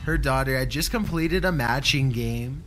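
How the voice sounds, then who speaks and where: A man's voice: mid-range voice, normal speed, fairly bright tone, a little hiss or hum. A man giving scripted narration for a countdown video, delivered with dry, sarcastic asides.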